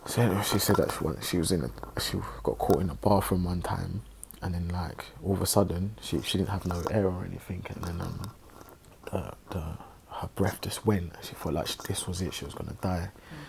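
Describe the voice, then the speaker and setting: A man telling a personal story in a halting, reflective way, with many pauses and restarts, sounding subdued and emotional. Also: sits low, fairly even intonation, vocal fry, background noise. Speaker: online religious presenter.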